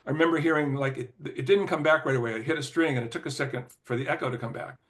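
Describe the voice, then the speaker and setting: An older man, a former record executive, telling stories as an interview guest in a loose, rambling way, with lots of "you know" and throat clearing. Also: medium pitch, rapid-fire, fairly bright tone. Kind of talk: casual anecdotal storytelling.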